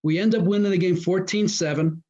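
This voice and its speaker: A man, a former high school football coach, telling old stories as a guest and acting out what people said. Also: fairly quick. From New Jersey. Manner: animated storyteller who acts out quoted dialogue. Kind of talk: casual storytelling interview. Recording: muffled lo-fi audio.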